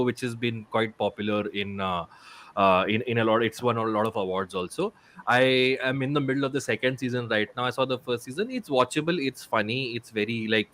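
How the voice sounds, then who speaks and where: A man's voice: medium pitch, pushed and bright. Guy rambling about tv shows on a video call, switches to hindi a lot. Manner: chatty, mixes English with Hindi. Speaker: comedian panelist. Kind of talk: casual panel chat.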